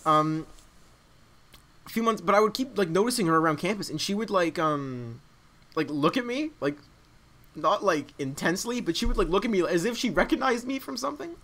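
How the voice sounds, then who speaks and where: A man's voice: sits high, expressive, a little fast, fairly bright tone. A young man hosting a casual podcast chat, telling a rambling story full of fillers. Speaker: podcast host.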